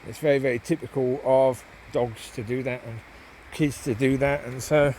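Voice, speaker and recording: A man's voice: medium pitch, fairly even intonation, normal speed, darkish tone, slight background noise. A man with a nasal voice talking casually while walking his dogs outdoors in the woods, with plenty of ums. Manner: rambling, many ums, calls out to dogs. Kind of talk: casual walk-and-talk monologue.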